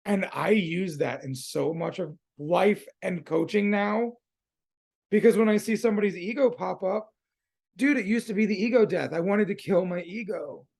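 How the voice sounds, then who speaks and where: A man's voice: high-pitched, moderate pace, vocal fry, a little mellow, slightly rough. A man hosting a podcast in casual conversation, laid-back and slangy, swearing freely. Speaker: podcast host.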